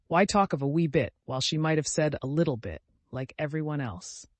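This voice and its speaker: A man's voice: a little high, brisk, dry recording, lightly acted. A man reading as a bitter, conceited young male lackey, speaking curtly and with disdain. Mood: disdainful. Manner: curt, disdainful.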